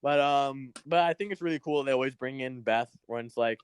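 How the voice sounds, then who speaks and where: A podcast co-host with a mid-range voice talks fast with few pauses, his tone clean and the recording dry. He reviews wrestling in a rambling, casual style, swearing freely and acting out little quotes in put-on voices.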